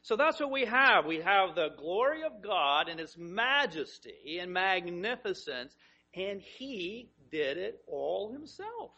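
A man preaching a sermon, telling vivid stories that swing between hushed and emphatic. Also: high voice, sing-song, slow, muffled recording. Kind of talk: sermon, Bible teaching.

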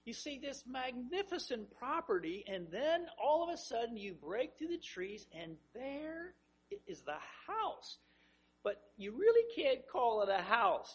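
A man preaching a sermon, telling vivid stories that swing between hushed and emphatic. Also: very high voice, breathy edge, muffled recording. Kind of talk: sermon, Bible teaching.

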